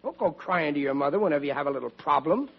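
A blustery stammering dad. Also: male voice, on the high side, rapid-fire, vocal fry, breathy edge, exaggerated voice. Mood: blustering. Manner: excitable, stammering, bossy. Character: blustery middle-aged working-class father. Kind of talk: 1940s radio acting. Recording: dull old radio recording.

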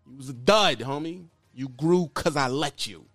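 A man's voice: mid-range voice, normal speed, fairly bright tone, soft background music. A man ranting at another YouTuber in a blunt, mocking call-out, repeating his insults over and over. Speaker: YouTuber calling out another trucker. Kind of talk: heated call-out rant.

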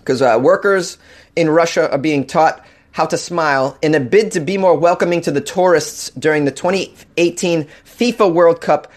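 A young man hosting a casual comedy news podcast from his apartment, rambling and laughing at his own jokes. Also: on the high side. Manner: rambling, self-amused, laughs often. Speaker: podcast host. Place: hot apartment.

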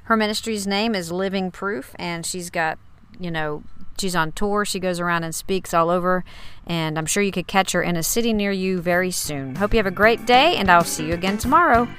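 A woman host giving friendly, relaxed closing remarks. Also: fairly low pitch, normal speed. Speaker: podcast host. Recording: voice over faint music.

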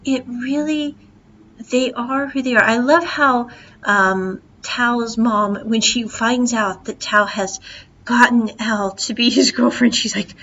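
A woman hosting a podcast, casually retelling and reviewing a TV episode in a chatty, animated way and acting out the dialogue. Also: a little high, slow, highs cut off, a little hiss or hum.

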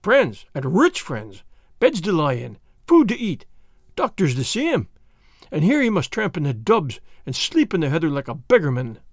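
A fierce, roguish Highland man on the run, as a male narrator plays him, gruff and blustering with broad dialect words. The delivery swings widely in loudness and pitch, read close and dry for a storybook. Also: wildly swooping pitch, moderate pace, no echo, heavily acted. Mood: pleading. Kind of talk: audiobook character voice.

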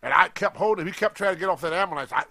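An older man, a guest telling an animated story and acting out the people in it. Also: sits high, rapid-fire, creaky. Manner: animated storyteller, acts out quoted voices. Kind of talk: storytelling in a podcast interview.

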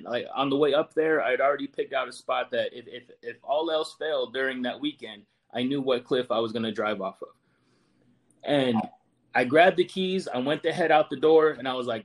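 Earnest guy in his 40s, ex-marine, telling his story, stumbles over repeated words. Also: mid-range voice. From United States. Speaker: podcast guest, Marine veteran. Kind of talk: personal storytelling.

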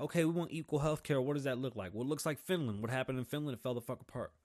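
A man's voice: mid-range voice, quick pace, hardly any pauses, a little mellow. Profane, heated man ranting as host. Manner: heated, profane, mocking voices of opponents. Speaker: podcast host. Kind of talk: opinionated political rant.

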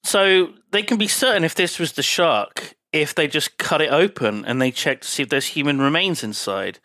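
Man, podcast co-host, bright tone, casual, sweary, dry close sound. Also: a little high, expressive, normal speed, no room sound. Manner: swears freely, rambling with fillers. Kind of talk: casual chat retelling a film.

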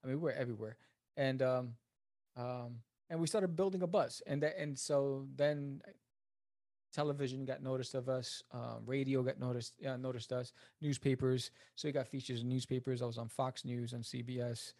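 An animated man tells stories from his career in a casual interview. His voice sits in a middle register, and he jumps higher whenever he acts out the people in his stories. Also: moderate pace. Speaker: interview guest, comic creator.

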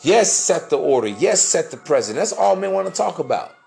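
A man's voice: fairly high pitch, sing-song, brisk, vocal fry, darkish tone, faint music behind. A man hosting a podcast, talking in a blunt, profane, preachy monologue full of slang. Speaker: podcast host. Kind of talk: casual monologue.

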